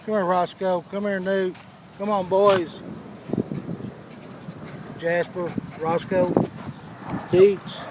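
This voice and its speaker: A middle-aged man walking outdoors with his camera, calling and coaxing puppies in a sing-song voice, with low muttered asides between calls. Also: little pitch movement, slow pace, long pauses. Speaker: dog breeder filming his litter. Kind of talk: casual home video narration. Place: outdoors, rural yard and road. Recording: loud outdoor noise on camera mic.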